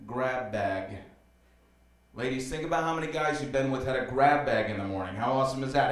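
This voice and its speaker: Male stand-up comic, mid-pitched, loose and rambling, dark jokes delivered flat, heard from a distance in a very echoey club. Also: a little fast. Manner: dark jokes told flatly. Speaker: stand-up comedian. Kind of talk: stand-up comedy set. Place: comedy club stage before a live audience. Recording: roomy club sound, distant mic.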